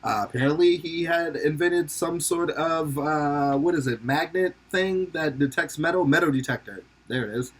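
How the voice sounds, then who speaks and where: A young man hosts a podcast, rambling and joking through casual commentary, laughing often and swearing freely, and he slips into silly put-on voices when quoting people. His voice is husky and fairly high-pitched, at a moderate pace with hardly any pauses.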